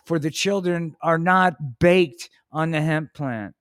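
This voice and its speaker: A man's voice: a little high, slow, fairly bright tone, no room sound, studio quality, pitched above the performer's own voice. A man voicing a crude, laid-back devil in a comedic puppet show, slangy and casual. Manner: slangy, casual stoner talk.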